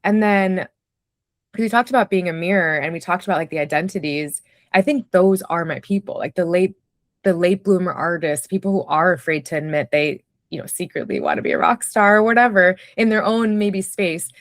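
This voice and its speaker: A woman's voice: on the low side, brisk, no echo, studio quality. A woman telling personal stories in a casual conversation, reflective and chatty, with many fillers. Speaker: podcast guest, writer.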